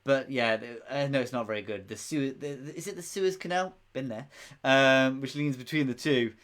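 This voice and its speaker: A man's voice: medium pitch, moderate pace, a bit bright. A man hosting a casual live quiz stream, chatty and rambling, often laughing. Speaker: quiz host.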